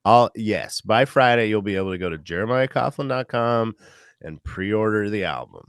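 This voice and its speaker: A man with a very low, deep voice talks through his stories in a loose, rambling way, full of filler words. He comes across as a comedian chatting casually as a podcast guest. The sound is dry and close, with no room in it. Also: moderate pace, clear, resonant tone, no echo.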